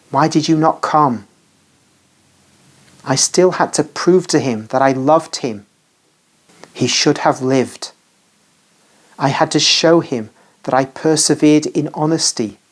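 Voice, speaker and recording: A reader voicing a grieving young woman who pleads in anguish with her master, in a slow devotional reading. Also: medium pitch. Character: grieving young woman, sobbing sister and disciple.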